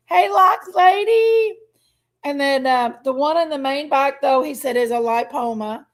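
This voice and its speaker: A woman, hosting a casual livestream, greeting viewers by name and talking openly about personal struggles. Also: sits high. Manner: chatty, greets viewers by name, says honey and y'all. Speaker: livestream host. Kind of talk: casual chat with live viewers.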